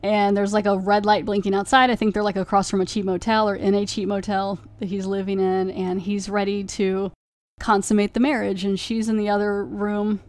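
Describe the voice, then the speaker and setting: A woman's voice: mid-range voice, little pitch movement, a little fast, no room sound. A woman hosting a podcast, casually reviewing an episode and retelling its plot in a rambling way, full of "like" fillers. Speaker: podcast host.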